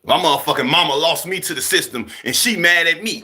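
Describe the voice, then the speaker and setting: A man's voice: a little high, fast. A young man ranting heatedly to camera in a profane monologue, acting out other people as he goes. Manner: animated, heated, swearing, acts out other people. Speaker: vlogger.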